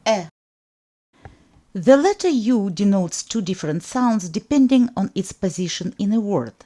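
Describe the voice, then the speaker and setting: A woman teaching alphabet pronunciation, speaking deliberately and enunciating each sound so it can be repeated. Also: medium pitch, lively intonation, dark tone. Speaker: language teacher. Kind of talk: slow instructional narration.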